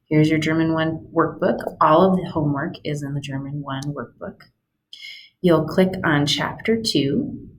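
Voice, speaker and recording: Low-voiced woman teacher explaining homework. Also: a little hiss or hum. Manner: chatty, patient step-by-step explaining. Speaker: German teacher. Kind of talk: screen-recorded homework walkthrough.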